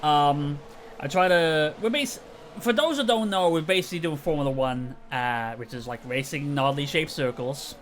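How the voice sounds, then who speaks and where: A man's voice: a little high, normal speed, a bit bright, slight background noise. Tired Northern Irish man, rambling. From Northern Ireland. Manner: rambling, self-mocking, chuckling. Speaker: live streamer. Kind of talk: casual live-stream chat.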